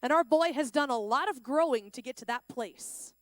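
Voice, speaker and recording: A woman giving a lively sermon at a school chapel, acting out the lines of the story's characters. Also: high voice, normal speed, no room sound, studio quality. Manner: animated, plays out the characters' lines. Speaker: chapel speaker.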